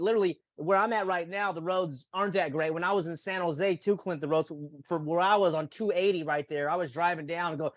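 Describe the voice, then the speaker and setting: A man with a fairly high voice hosts a loose, rambling conversation, often slipping into goofy voices for quotes. The sound is dry and close, with no room around him. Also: brisk, no room sound. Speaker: host. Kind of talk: casual podcast chat.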